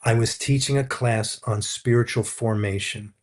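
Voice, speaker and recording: In a conversational interview, a Christian counselor earnestly shares his personal testimony. He speaks in a steady, mid-range voice at normal speed, telling anecdotes and quoting other people along the way.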